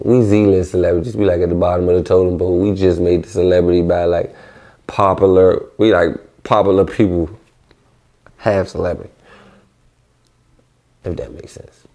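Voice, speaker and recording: Low gravelly-voiced young D.C.-man. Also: mellow. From Washington D.C. area. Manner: loose, rambling, heavy on slang. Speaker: vlogger. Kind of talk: casual monologue.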